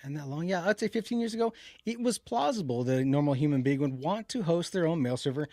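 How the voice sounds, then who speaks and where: A man's voice: on the high side, lively intonation, fast, dark tone, no room sound, studio quality. Rambling casual man talking tech. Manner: rambling, self-correcting, reads chat comments aloud. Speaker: podcast co-host. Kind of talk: casual livestream tech chat.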